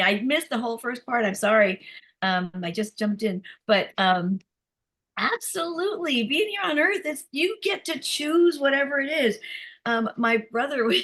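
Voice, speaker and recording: A woman with a high, bright-pitched voice talks in a casual group video chat. She tells her stories excitably, leaning into every turn with real animation. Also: slightly rough. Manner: animated, excitable storytelling with laughs. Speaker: discussion participant.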